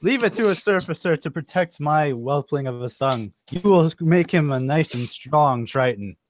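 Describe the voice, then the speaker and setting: A man's voice: fairly high pitch, lively intonation, normal speed, voice pushed up, lightly acted. A man voicing a proud merman king with a bellowing laugh and grand, formal speech. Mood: boisterous.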